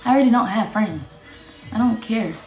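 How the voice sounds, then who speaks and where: A woman's voice: fairly high pitch, expressive, moderate pace, darkish tone. Young woman streamer, ranting bluntly on a livestream, profane and defiant; recorded in an echoey room with faint music. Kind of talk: livestream rant.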